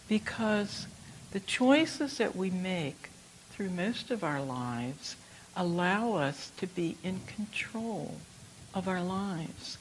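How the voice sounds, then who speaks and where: An older woman giving a reflective Buddhist dharma talk, telling stories gently. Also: lowish voice, slight background noise, low-quality recording. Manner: slow, reflective, gentle storytelling. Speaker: Buddhist teacher.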